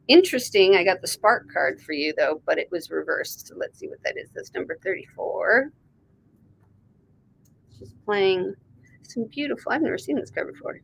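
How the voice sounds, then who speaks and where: Low-voiced woman giving a rambling intuitive reading. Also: vocal fry, low-quality recording. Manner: rambling, conversational, addresses the viewer directly. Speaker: intuitive reader. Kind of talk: live online reading session.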